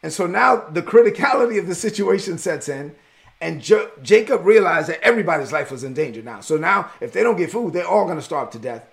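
Folksy preacher guy, high-ish gravelly voice, talks right at you. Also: brisk. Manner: folksy, animated, talks straight to listeners. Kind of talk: conversational sermon.

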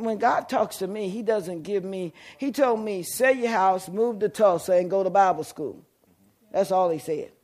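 A middle-aged man preaching a sermon, telling a story and calling out to the congregation, rising to shouts at the peaks. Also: high-pitched. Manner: fervent call-and-response preaching, shouting at peaks.

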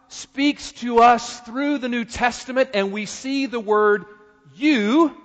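A middle-aged man from North Carolina with a Southern accent, preaching a sermon with animated, emphatic delivery and touches of humor. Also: high voice. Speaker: pastor. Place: church sanctuary. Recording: dull audio with long hall reverb.

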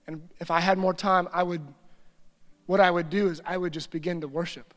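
High-voiced male pastor in a reverberant hall. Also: steady tone, brisk. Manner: earnest, repetitive lists, drops to quiet prayerful reading. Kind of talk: sermon.

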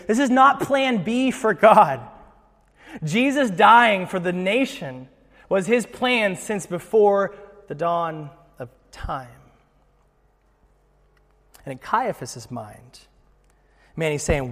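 A man preaching a sermon in an animated, conversational way with casual asides. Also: high-pitched, takes it slowly, pauses often, in a large hall. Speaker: pastor.

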